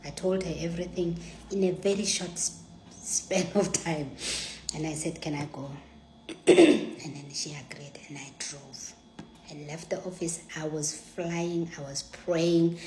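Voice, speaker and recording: Lively low-voiced South African woman. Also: a little hiss or hum. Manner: lively and dramatic, acting out dialogue, dropping into hushed asides. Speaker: storyteller. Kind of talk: personal story time. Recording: echoey room.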